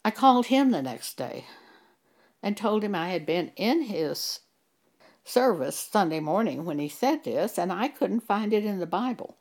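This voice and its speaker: A woman delivers a preaching monologue, her voice gravelly and rough at the edges. Her pitch swings widely as she presses rhetorical questions and cites scripture with emphasis. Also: animated, measured pace, a little mellow. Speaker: Bible teacher.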